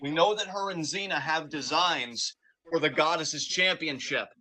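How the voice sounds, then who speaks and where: A man with a bright, slightly high voice gives live reaction commentary on a wrestling show. He calls the action play-by-play and talks up the wrestlers with real enthusiasm. He sounds like he is streaming from home into a desk mic. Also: moderate pace. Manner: animated play-by-play, hyping wrestlers. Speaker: wrestling watch-along co-host.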